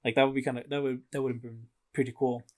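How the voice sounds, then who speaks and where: Brief: male co-host, mid-pitched, loose and filler-heavy casual film chat. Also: flat delivery. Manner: rambling, halting, heavy on fillers. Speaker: podcast co-host. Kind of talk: casual movie review chat.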